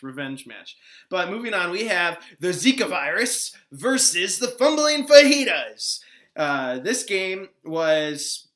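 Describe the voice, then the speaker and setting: A man's voice: fairly high pitch, bright, forceful tone. A man hosting a fantasy football recap, chatting in a casual, exasperated way with laughing asides.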